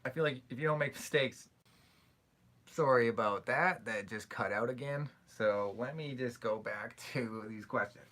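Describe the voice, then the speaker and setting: A young man chatting casually on a live stream, reading out viewer questions and answering with loose, rambling replies and quick apologies. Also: mid-range voice, fairly bright tone. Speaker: YouTube creator answering live chat questions.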